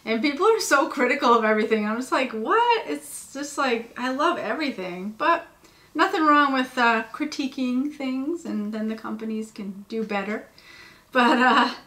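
A woman's voice: a little high, moderate pace, pushed and bright. A tired woman rambling and gushing as she unboxes cute merchandise at her home workspace. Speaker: vlogger. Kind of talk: casual unboxing chat. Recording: echoey room with faint ambience.

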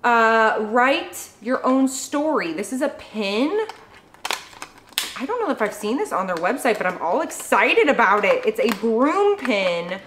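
A woman's voice: fairly high pitch, unhurried, background noise. Gushing young woman vlogger. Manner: gushing, excited, chatty. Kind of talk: casual unboxing vlog.

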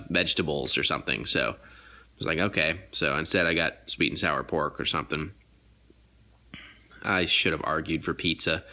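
A man's voice: lowish voice, pushed and bright. A tired man rambling casually to his camera in a weekly vlog, swearing now and then. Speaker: vlogger.

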